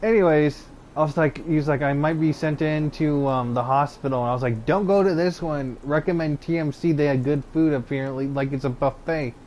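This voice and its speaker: A young man with a somewhat high voice tells personal stories in a loose, rambling way. He stumbles, restarts and fills pauses with "like" and "uh". A faint hum of noise sits under the recording. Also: steady tone, darkish tone. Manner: rambling and hesitant, full of fillers and restarts. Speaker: channel host recounting personal stories. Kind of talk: casual storytelling.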